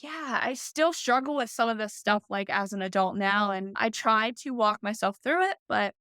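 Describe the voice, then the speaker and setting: Smooth-voiced woman in her twenties. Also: mid-range voice, moderate pace, pushed and bright, no echo, clean studio sound. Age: 20s. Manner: open, casual, frequent "like" fillers. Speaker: guest. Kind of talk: personal storytelling in interview.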